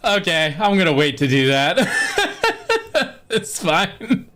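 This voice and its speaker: A video game streamer giving casual gameplay commentary, animated, laughing often and swearing casually. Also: mid-range voice, very slow, very noisy.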